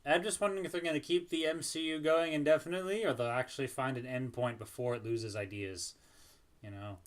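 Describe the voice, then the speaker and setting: A man's voice: mid-range voice, fairly even intonation, fairly quick. A man co-hosting a podcast, rambling casually about a movie and laughing often. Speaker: podcast co-host. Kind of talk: casual movie review chat.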